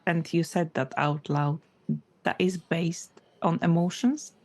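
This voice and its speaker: Low-voiced woman thinking aloud on a podcast. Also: steady tone, unhurried, darkish tone. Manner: thinks aloud, restarts and apologizes, laughs at herself. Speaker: podcast co-host. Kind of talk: casual business podcast chat.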